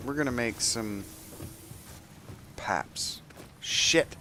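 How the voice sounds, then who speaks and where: A man streaming a game, chatting casually and rambling as he thinks aloud, swearing freely and slipping between soft whispers and louder bursts. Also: fairly low pitch, animated, takes it slowly, long pauses, slight background noise. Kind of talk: casual gaming livestream chat.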